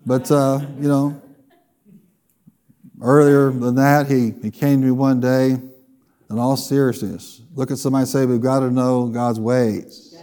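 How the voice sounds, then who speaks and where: A man preaching a sermon, telling a funny personal story with lively, animated delivery. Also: medium pitch, a little slow. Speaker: pastor.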